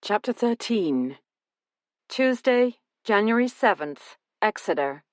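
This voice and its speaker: A woman reading a first-person mystery novel aloud as audiobook narrator with an even delivery. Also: medium pitch, slow pace, dry recording, studio quality. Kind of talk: scripted narration.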